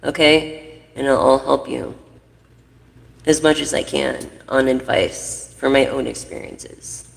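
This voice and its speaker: A woman's voice: rumbling low, fairly even intonation, takes it slowly, creaky, in a large hall, rough recording. A woman doing a casual tarot reading for her viewers, giving blunt, profane, rambling advice. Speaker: intuitive tarot reader.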